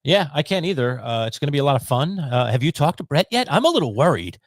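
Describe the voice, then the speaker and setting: A man's voice: fairly high pitch, big pitch swings, no room sound, clean studio sound. Rambling, chatty sports co-host man. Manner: rambling, halting, many restarts and fillers. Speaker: co-host of a sports talk show. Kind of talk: casual live-stream chat.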